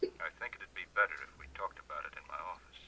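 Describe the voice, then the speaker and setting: A firm, patient country doctor in a 1970s TV drama. He talks in a measured, insistent way, quick and bright, with a fairly low pitch. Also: slight background noise. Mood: guarded. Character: calm, firm small-town male doctor.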